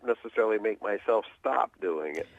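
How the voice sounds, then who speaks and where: A middle-aged man calls in to a radio advice show, his low-leaning voice creaky yet lively in intonation and a touch fast. He sounds hesitant and thoughtful, full of fillers and restarts. The phone line is tinny and dry.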